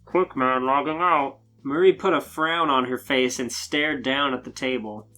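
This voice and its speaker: A man's voice: mid-range voice, normal speed, bright, forceful tone, faint music behind. A man co-hosting a comedy podcast, reading fanfiction aloud in exaggerated voices and joking between lines. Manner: reads lines in exaggerated put-on voices, laughing. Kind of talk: comedic dramatic reading with riffing.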